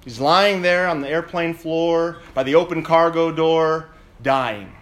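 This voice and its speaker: Storytelling pastor, a man's fairly high voice. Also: unhurried. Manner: storytelling, lively and dramatic retelling. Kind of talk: sermon.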